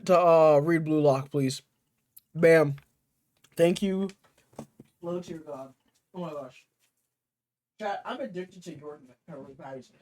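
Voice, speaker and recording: High-voiced man bantering with chat. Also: a little mellow, dry recording. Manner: playful trash talk, rambling with restarts. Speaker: streamer. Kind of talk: casual live-stream chat. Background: faint music.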